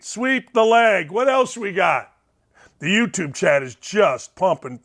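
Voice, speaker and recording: Man, high-pitched voice, show host, casual reaction commentary, blunt wisecracks, shouted disbelief. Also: very animated, slow, gravelly.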